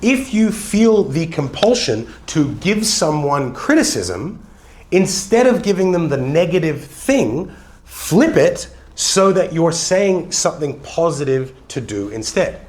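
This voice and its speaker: A man coaching on sales leadership, teaching energetically and slowing down to stress his key words. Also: fairly high pitch, big pitch swings, a little mellow. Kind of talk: teaching lesson to camera.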